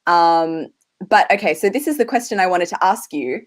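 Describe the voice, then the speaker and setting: A woman's voice: on the low side, lively intonation, moderate pace. A woman hosting a casual livestream interview, asking questions in a friendly, hesitant way with many fillers. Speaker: livestream host.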